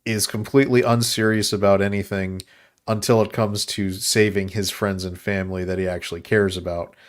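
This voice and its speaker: Lowish-voiced man recapping a movie. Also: flat delivery, brisk. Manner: long rambling plot recaps. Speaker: podcast co-host. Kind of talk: casual movie review chat.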